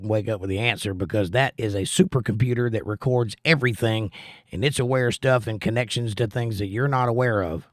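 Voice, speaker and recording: A mid-range male voice comes through clean studio sound with no echo. The middle-aged American livestream host is plainspoken and earnest, mixing casual chat with teaching about the Bible.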